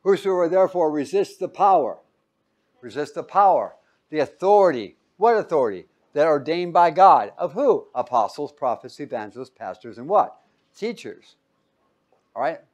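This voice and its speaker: A man preaching a Bible-teaching sermon, reading verses loudly and pausing for his listeners to call out the missing word. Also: on the high side, big pitch swings. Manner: quizzing listeners with fill-in-the-blank questions; emphatic, loud when reading scripture aloud.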